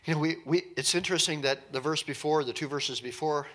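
A man's voice: mid-range voice, brisk, few pauses, a bit bright. A man teaching from the Bible verse by verse, reading scripture aloud and then explaining it in plain, conversational talk. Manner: acts out the characters' speech in a conversational way.

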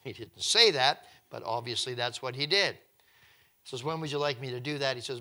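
Bright-voiced man teaching scripture. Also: on the high side, moderate pace. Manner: wry, joking asides between scripture readings. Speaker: preacher. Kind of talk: conversational Bible teaching.

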